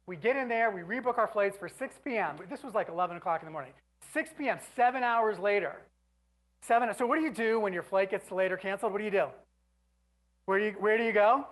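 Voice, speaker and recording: A woman giving an animated, exasperated on-stage storytelling speech, now and then breaking into shouts. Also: mid-range voice, fairly quick, poor audio. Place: stage before an audience.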